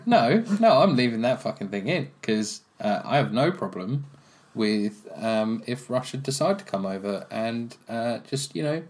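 A man's voice: medium pitch, animated, moderate pace, a little mellow. A man co-hosting a film rewatch podcast, joking and agreeing in casual, rambling talk. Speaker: podcast co-host.

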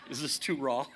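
A man preaching a conversational sermon, candid and humorous, asking rhetorical questions and swinging from punchy lines to near-quiet asides. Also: very high voice, vocal fry, very noisy. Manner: animated, rhetorical questions, sudden drops to quiet; candid, self-deprecating humor. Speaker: pastor.

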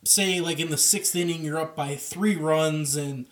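A man co-hosting a casual podcast chat, talking in a relaxed, rambling way with lots of fillers. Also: a little high, measured pace. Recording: distant from the mic.

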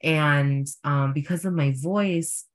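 A young man, a drag performer, telling stories in a casual interview, full of fillers and animated quoted voices. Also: on the high side, takes it slowly.

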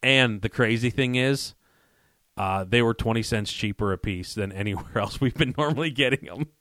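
A man co-hosting a casual chat, telling a story with quick laughs and acting out both sides of a phone call. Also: medium pitch, no room sound, studio quality. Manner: animated storyteller who acts out both sides of phone calls, laughing as he goes. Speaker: podcast co-host.

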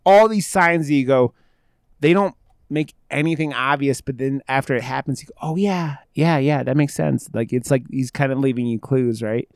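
A man's voice: mid-range voice, normal speed, clean tone, no room sound, clean studio sound. A man co-hosting a podcast, talking about a film in a rambling, jokey way, with plenty of swearing and filler words. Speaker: podcast co-host. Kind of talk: casual film discussion.

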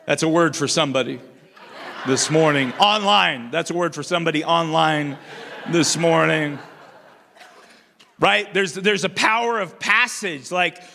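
Older male pastor, high and bright, call-and-response sermon style with lots of repeats, long reverb of a church hall. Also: creaky, slight background noise. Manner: call-and-response preaching, repeats and restarts phrases. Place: church sanctuary.

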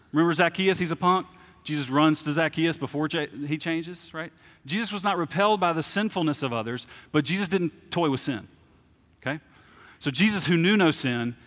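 Higher-voiced male pastor, reverberant hall. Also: fairly bright tone. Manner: informal and plain-spoken, with frequent "okay?" check-ins and self-deprecating humor. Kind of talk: conversational sermon. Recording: long reverb of a large hall.

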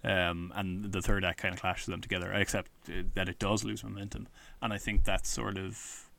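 A man's voice: deep voice, flat delivery, normal speed, creaky, sharp tone. A man co-hosting a podcast, talking through films in a thoughtful, analytical way with many "sort of"s. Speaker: podcast co-host. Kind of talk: casual film review chat.

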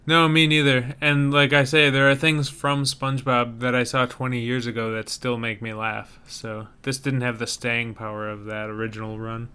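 Young guy cohosting a chat show, bright crisp voice, jokey and easygoing. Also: medium pitch, level tone, moderate pace, few pauses. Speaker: podcast co-host. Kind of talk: casual chat.

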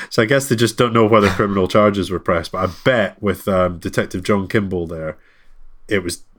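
A man's voice: low voice, normal speed, a little hiss or hum. A man co-hosting a casual podcast chat, joking and reading lists aloud with dry asides. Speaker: podcast co-host.

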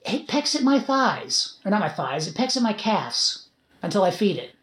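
A man's voice: high-pitched, sing-song, normal speed, fairly bright tone. A man hosting a casual podcast, chatty and swearing freely as he talks. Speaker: podcast host. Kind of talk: casual chat. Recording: echoey room.

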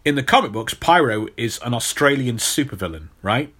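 A man's voice: mid-range voice, animated, moderate pace, fairly bright tone. A man hosting a podcast, telling a long story in casual chat with many restarts. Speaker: podcast host.

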